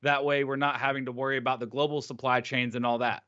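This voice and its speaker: A man co-hosting a live market stream, casual and blunt in his opinions. His voice sits at an ordinary pitch. The audio is dull and lo-fi. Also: flat delivery, quick pace, pushed and bright. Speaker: market show co-host.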